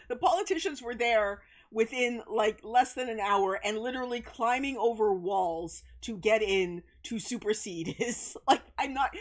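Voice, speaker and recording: A middle-aged woman chatting casually on a livestream, telling a story with lots of laughter and swearing. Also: mid-range voice. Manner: animated storytelling, laughs often, swears freely.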